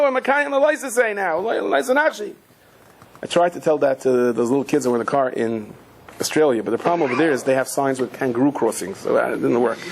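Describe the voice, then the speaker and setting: A man, a rabbi giving a Torah class, telling stories with light humor and acting out quoted voices, mixing in Yiddish and Hebrew words. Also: a little hiss or hum. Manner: animated storyteller, acts out quoted voices with sudden high pitch.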